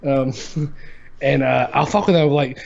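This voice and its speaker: A man's voice: mid-range voice, steady tone, unhurried, creaky, a little mellow, highs cut off. A man in his thirties co-hosting a live gaming show, chatting casually, swearing often and laughing as he rambles. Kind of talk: casual chat.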